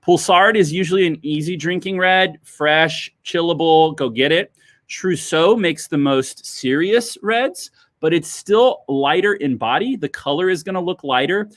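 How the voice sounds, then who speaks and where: A fairly high-voiced man leads a livestreamed wine lesson as a sommelier host. He is chatty and keeps checking in with his viewers. The sound is dry and close, with no room echo. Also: unhurried. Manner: chatty, addresses viewers as guys, checks with okay.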